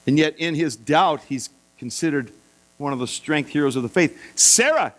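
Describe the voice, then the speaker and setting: A man preaching a sermon, telling Bible stories in a lively way and acting out the voices of the figures. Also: fairly high pitch, moderate pace. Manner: lively storytelling, acts out voices for biblical figures. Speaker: pastor.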